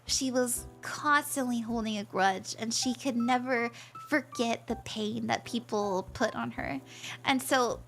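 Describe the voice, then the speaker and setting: High bright-voiced woman chatting on stream. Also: a little slow, gravelly, soft background music. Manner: chatty, jokey, laughs often. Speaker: tarot-reading streamer. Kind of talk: casual livestream chat, reading chat.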